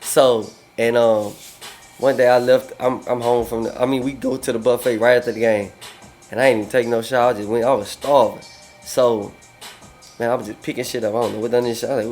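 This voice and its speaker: A man speaks in at a mid pitch, telling a story with lots of energy and frequent laughs. His talk is loose and full of swearing. A faint bed of music runs under the conversation. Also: moderate pace. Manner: animated, laughing often, swears freely. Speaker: podcast guest. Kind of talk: casual storytelling.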